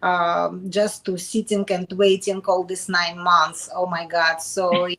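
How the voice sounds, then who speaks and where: A woman from Kaliningrad with a Russian accent, a native Russian speaker, talking as a guest in a casual interview in halting English with many restarts. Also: fairly low pitch, little pitch movement, bright, forceful tone. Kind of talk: casual chat.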